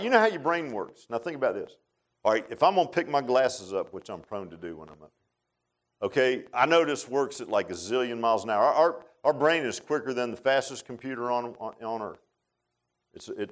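Animated male preacher with joking asides. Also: medium pitch. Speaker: pastor. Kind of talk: sermon.

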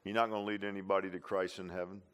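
A man's voice: deep voice, flat delivery, rapid-fire, a bit bright. A man preaching a sermon, repeating lines for emphasis and tossing in "huh?" and "amen.". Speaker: pastor.

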